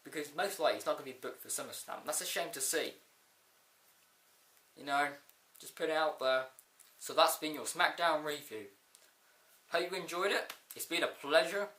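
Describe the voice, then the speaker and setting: Excitable man with a bright, echoey voice. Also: fairly high pitch, moderate pace, long pauses. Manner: excitable, rambling, with frequent fillers and outbursts. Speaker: wrestling reviewer. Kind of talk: casual video review. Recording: echoey room.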